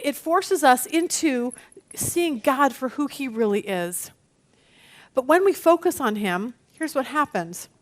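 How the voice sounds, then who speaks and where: A middle-aged woman teaching a women's Bible study. She speaks with animation, acts out what people say, and often repeats words as she starts a thought. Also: fairly high pitch.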